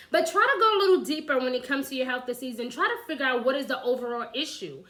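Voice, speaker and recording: A woman's voice: high voice, animated, fast talker, few pauses, bright, forceful tone, rough recording. A woman giving casual, chatty spiritual advice as an astrology reader, often asking "right?" and "you know?" and laughing lightly. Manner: laughs lightly while talking.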